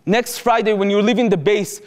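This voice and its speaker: A man voicing a worried young male friend who speaks in a calm, pleading, lower tone. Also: brisk, close to an everyday voice. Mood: urging calmly. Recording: long reverb of a hall.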